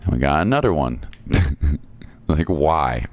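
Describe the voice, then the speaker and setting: Low-voiced, chatty male game streamer. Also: very animated, takes it slowly, no room sound. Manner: chatty, reads viewer chat aloud, reacts playfully. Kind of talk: casual gameplay commentary.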